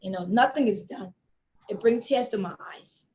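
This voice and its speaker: A woman's voice: medium pitch, moderate pace, darkish tone, slight background noise, low-quality recording. A woman from Liberia giving an earnest, emotional closing appeal as an interview guest, close to tears and repeating phrases for emphasis. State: tearing up. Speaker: guest, project founder.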